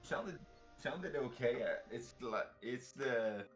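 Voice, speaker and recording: A male player in a tabletop game, soft-spoken and hesitant. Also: mid-range voice, lively intonation, takes it slowly, soft background music.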